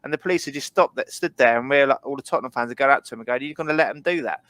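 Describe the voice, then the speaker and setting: A man's voice: mid-range voice, rapid-fire, a bit bright, dry recording. A man, telling blunt, sweary football stories as a podcast co-host. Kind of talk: casual football podcast chat.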